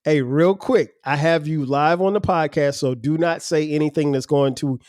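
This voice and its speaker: A man's voice: fairly high pitch, normal speed, a little mellow, dry recording, studio quality. A man hosting his own podcast, talking casually and loosely, restarting his words as he goes. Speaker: podcast host. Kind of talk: casual solo podcast talk.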